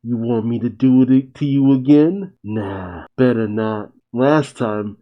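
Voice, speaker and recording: A man's voice: medium pitch, slow, highs cut off, lightly acted. A man voicing a sadistic male machine villain from a manga, reading his lines in a sneering, dismissive way.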